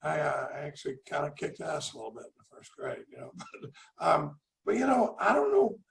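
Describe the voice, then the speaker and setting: A middle-aged man tells his recovery story over a video call in a rambling, folksy way, repeating words as he goes. His voice is very gravelly and fairly high, and the room echoes. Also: wildly swooping pitch, brisk. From Dallas, Texas. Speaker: recovery meeting speaker. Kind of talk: personal recovery talk.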